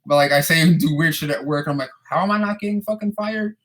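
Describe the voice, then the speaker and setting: A man's voice: a little high, fast, a bit bright. A man in his thirties casually answering viewer questions, rambling and profane, often repeating and restarting his words. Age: 30s. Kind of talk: casual chat.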